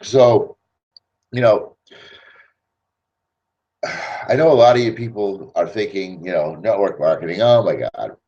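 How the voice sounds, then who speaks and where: A man hosting a network marketing podcast, talking in an animated, persuasive casual monologue. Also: deep voice, measured pace, long pauses, muffled recording. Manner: animated, persuasive, acts out scenes.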